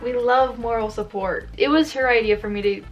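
A woman's voice: fairly high pitch, moderate pace, recorded from a distance, dull audio, soft background music. Chatty young woman rambling while painting. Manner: rambling, self-mocking, chatty. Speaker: YouTuber. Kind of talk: casual chat while painting.

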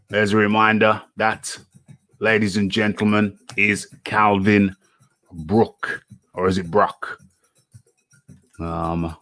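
Male boxing show host, slow and flat, low voice, dry close sound; chatty, repeats lines. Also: no room sound. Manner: chatty, repeats phrases, narrates his setup. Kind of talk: live online interview show.

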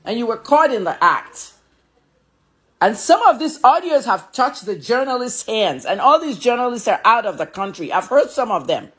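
A husky woman delivers a fiery rant to camera, her pitch leaping around as she hammers each point. She is blunt, profane and confrontational from start to finish. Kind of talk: angry social media video rant.

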